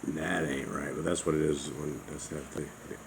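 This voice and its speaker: A man's voice: extremely low pitch, steady tone, moderate pace, vocal fry, slight background noise, poor audio. A man proofreading alongside a reader, casually checking the text, joking and confirming punctuation.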